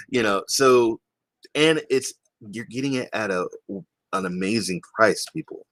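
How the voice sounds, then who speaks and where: An enthusiastic male co-host on a live gaming stream, his bright voice sitting at a middle pitch as he talks casually. He drives his points home to viewers, and the sound is dry and close. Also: lively intonation, a little slow, no room sound. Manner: enthusiastic, emphatic, addresses viewers. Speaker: podcast co-host.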